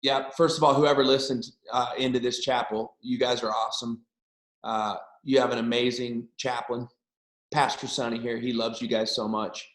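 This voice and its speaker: A man's voice: medium pitch, level tone, normal speed, fairly bright tone. Brief: middle-aged male pastor, earnest and frank, casual encouraging talk, roomy echo. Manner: earnest, frank, repeats for emphasis. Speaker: guest pastor.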